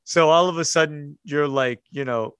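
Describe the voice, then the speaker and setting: A man's voice: on the high side, moderate pace, a bit bright, clear, resonant tone, dry recording. A man narrating a tabletop horror game as game master, hesitant, with many fillers and restarts.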